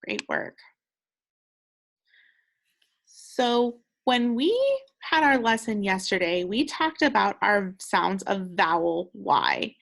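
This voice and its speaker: A woman's voice: medium pitch, lively intonation, takes it slowly, vocal fry, long pauses, fairly bright tone. A young woman teaching second graders a recorded phonics lesson, patient and encouraging, sounding out words with care.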